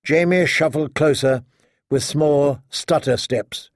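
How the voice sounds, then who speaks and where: A man narrating a fantasy audiobook in a measured, steady storytelling manner. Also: a little high, no echo, clean studio sound.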